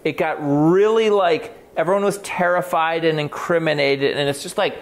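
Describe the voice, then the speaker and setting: A man who works as a clinician tells a case story in casual conversation. He is animated, swears freely and often restarts his sentences. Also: a little high, normal speed. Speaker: clinician on a talk show.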